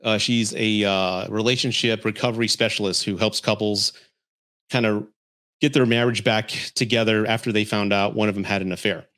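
A man's voice: on the low side, steady tone, normal speed, fairly bright tone. A man hosting a podcast, giving blunt, candid relationship advice in a casual chat while reading viewer comments. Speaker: podcast host.

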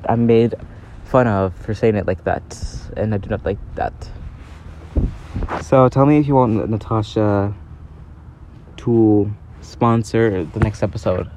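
A man chatting in a casual, rambling vlog from a park, talking haltingly with lots of fillers. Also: fairly low pitch, mellow, a little hiss or hum. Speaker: vlogger. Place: outdoors in a park. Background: faint breeze and park ambience.

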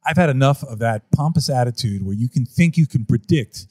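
A man's voice: medium pitch, expressive, fairly quick, darkish tone. A man being interviewed about wildlife photography, telling stories emphatically and acting out other people's voices. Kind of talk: animated interview storytelling.

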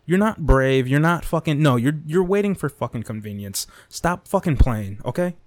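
Here a podcast host rants for laughs, cursing heavily and ending lines with "dude" and "okay?". He speaks at a moderate pace in a slightly high, animated voice. A close desk mic without a pop filter captures him.

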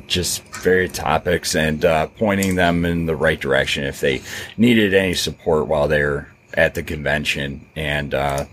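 A man co-hosting a podcast in casual chat, steadily recounting with many "uh"s. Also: rumbling low. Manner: steady, filler-heavy recounting. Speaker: podcast co-host.

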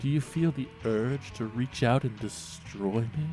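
A man voicing a mocking, sinister male alien trickster, reading his taunts slowly and slyly on a podcast. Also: mid-range voice, warm tone, faint music behind, pitched below the performer's own voice, lightly acted. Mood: menacing hushed. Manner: taunting, drawn-out, sly.

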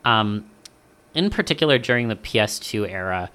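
A man co-hosting a podcast in casual chat, animated and swearing often as he acts out lines he quotes. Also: on the low side, normal speed. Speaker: podcast co-host.

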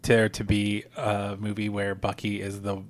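A man's voice: fairly low pitch, completely flat delivery, unhurried. A man talking as a guest on a casual podcast panel, eager and often stammering and restarting.

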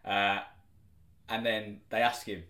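A man's voice: lowish voice, level tone, slow, pushed and bright. A man co-hosting a podcast, telling a story casually with frequent laughs and swearing. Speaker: podcast co-host. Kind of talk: casual chat. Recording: echoey room.

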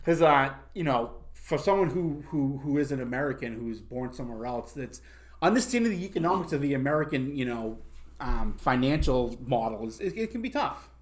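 A man's voice: medium pitch, animated, a little fast. Young guy podcast host, rambly and sweary, lots of restarts. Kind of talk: casual chat.

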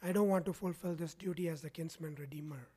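A man voicing a reluctant anonymous kinsman who backs out of a duty, in a low, dismissive tone. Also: quick pace, dark tone, breathy edge.

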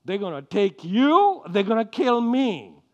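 A man's voice: sits high, sing-song, a little slow, a little mellow, lo-fi sound. A man voicing a panicky, self-pitying old man who whines melodramatically about being killed. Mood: panicked. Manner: whiny, melodramatic pleading.

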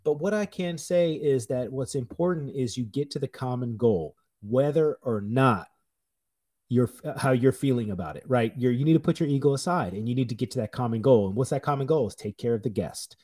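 Male chef in his 30s, blunt and profane, mellow dark tone. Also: medium pitch, brisk. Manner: blunt, profane, animated storytelling. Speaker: chef, podcast guest. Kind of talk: casual chat.

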